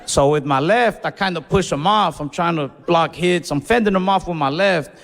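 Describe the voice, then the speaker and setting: A young man doing stand-up, telling a story in a relaxed, profane way and acting out his own yells on a club stage. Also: a little high, moderate pace. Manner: laid-back, profane, acts out his own shouts. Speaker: stand-up comedian. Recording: live room with long reverb.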